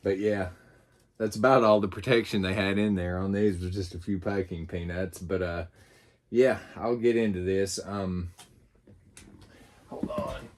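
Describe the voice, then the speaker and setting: Low-voiced man with a Southern US drawl. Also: steady tone, moderate pace. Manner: rambling, many fillers and restarts. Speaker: YouTube host. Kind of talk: casual unboxing chat.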